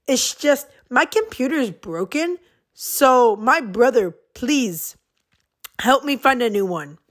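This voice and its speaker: A woman's voice: a little high, lively intonation, slow. A young woman hosting her own podcast, talking casually and rambling with lots of fillers and self-corrections. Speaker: podcast host. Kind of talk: casual solo podcast monologue.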